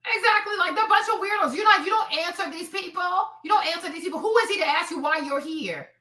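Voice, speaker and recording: A woman's voice: very high voice, quick pace, pushed and bright, reverberant. A woman hosting a live stream, ranting in a heated, profane, repetitive way. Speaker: streamer host.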